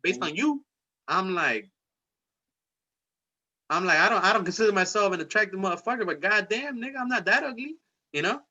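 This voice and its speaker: A young man hosting a casual chat, telling stories in a profane, animated way. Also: high-pitched, brisk, long pauses, highs cut off. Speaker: host.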